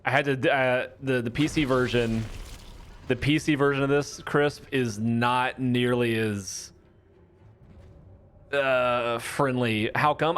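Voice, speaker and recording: A young man with a mid-range, fairly bright voice streams a horror game, rambling and chatting casually with viewers. His gameplay commentary is self-mocking and talkative.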